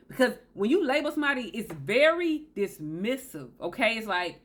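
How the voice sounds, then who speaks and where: A woman offers direct-to-camera advice as host of a self-help video, her fairly high voice sing-song, at normal speed with few pauses. She stresses her points emphatically, repeating key phrases and acting out the people she quotes.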